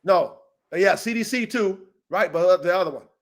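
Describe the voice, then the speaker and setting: A man's voice: sits high, normal speed. A man hosting a dog-training show, delivering a heated, profane, repetitive rant that calls out a rival.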